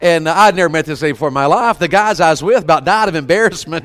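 High-voiced man preaching a folksy sermon. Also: fast talker, hardly any pauses, a bit bright. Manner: humorous storytelling, asks the crowd for amens; folksy and conversational. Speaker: revival preacher.

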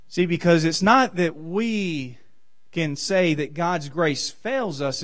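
Male preacher with a high-set voice delivering a church sermon, pushing key points hard, then dropping low. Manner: preaching with rising and falling emphasis.

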